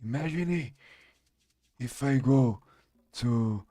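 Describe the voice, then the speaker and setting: Slow-talking Brazilian streamer man. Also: mid-range voice, warm tone, no echo, clean studio sound. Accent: Brazilian Portuguese. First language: Portuguese. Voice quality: strong voice. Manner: halting, searching for English words. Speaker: game streamer. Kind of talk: casual live-stream chat.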